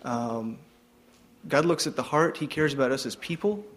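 Brief: young adult man, mid-range voice, unscripted faith talk, halting delivery full of ums and self-corrections. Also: mid-range voice. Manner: hesitant, frequent ums and restarts. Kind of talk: informal devotional talk.

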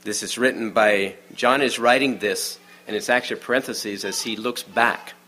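A man giving a sermon in a conversational, storytelling way, often dropping to a hush for the quiet moments. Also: fairly low pitch, fairly even intonation, normal speed. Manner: many restarts and fillers, informal aside. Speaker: preacher.

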